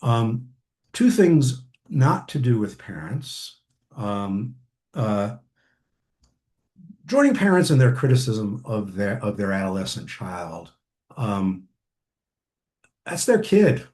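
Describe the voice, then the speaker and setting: A man's voice: on the low side, big pitch swings, takes it slowly, pauses often, a little mellow. Man giving a therapy training talk. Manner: conversational, many ums and restarts. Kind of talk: recorded training lecture.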